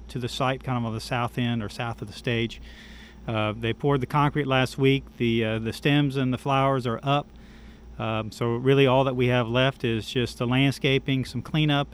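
A man on city staff talks through a project update on a local radio show. His delivery is relaxed and loose, with many fillers. A faint hum sits behind his voice. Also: medium pitch. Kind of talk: radio talk segment.

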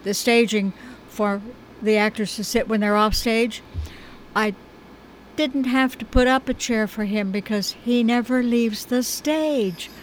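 An American woman, a stage director, talking through her production in a thoughtful, chatty interview with a gentle humor. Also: a little high, unhurried, a little hiss or hum, poor audio. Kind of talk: conversational interview.

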